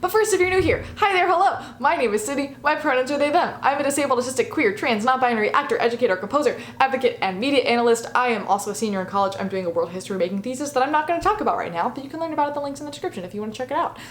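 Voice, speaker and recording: A woman's voice: high voice, animated, very fast, hardly any pauses. A young woman in her early twenties, chatting casually and enthusiastically as a video host in a room with a bookshelf. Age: early 20s. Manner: bubbly and enthusiastic. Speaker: vlogger and media analyst. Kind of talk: casual chat. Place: indoor room in front of a bookshelf. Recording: roomy echo with faint hiss.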